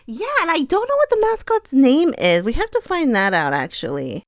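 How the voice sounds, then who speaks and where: A woman's voice: sits high, wildly swooping pitch, normal speed, no room sound, clean studio sound. A woman co-hosting a casual chat about a sports team, retelling video clips and laughing often. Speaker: co-host.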